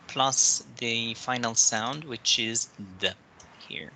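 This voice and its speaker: A man's voice: medium pitch, fairly even intonation, slow pace, sharp tone, slight background noise, poor audio. A man teaching pronunciation in an online one-to-one English lesson, explaining patiently step by step over a video call. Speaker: English tutor.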